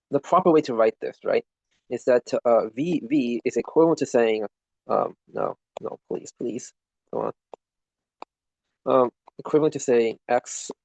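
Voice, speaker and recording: A man's voice: medium pitch, creaky, a little mellow, dry recording. Young man, rambling student self-study walkthrough, swears at his gear, muffled dry mic. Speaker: student reviewing for an exam. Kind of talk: casual screen-recorded study walkthrough.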